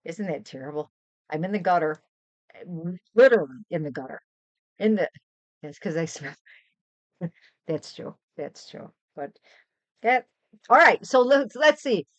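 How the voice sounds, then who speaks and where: A woman's voice: fairly low pitch, measured pace, pauses often, dry recording. An older woman streamer telling chatty, rambling stories in a casual live stream. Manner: chatty, rambling, animated storytelling. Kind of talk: casual chat. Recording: dry, dull lo-fi stream audio.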